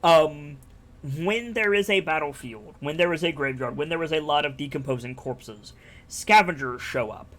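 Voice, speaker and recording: A man's voice: a little high, moderate pace, a bit bright. A man streaming live, talking casually and enthusiastically about a game, rambling and swearing freely. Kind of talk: casual chat.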